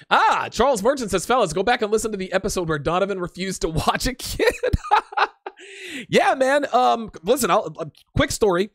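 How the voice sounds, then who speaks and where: A man's voice: high voice, very animated, moderate pace, fairly bright tone, no echo, studio quality. Blunt, profane man hosting a livestream. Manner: reads viewer comments aloud and reacts. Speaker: podcast host. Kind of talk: casual livestream chat.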